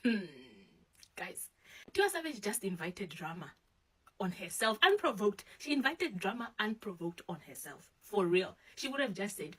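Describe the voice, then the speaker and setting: A woman's voice: mid-range voice, big pitch swings, moderate pace, husky, rough recording. A woman giving reaction commentary, incredulous and emphatic.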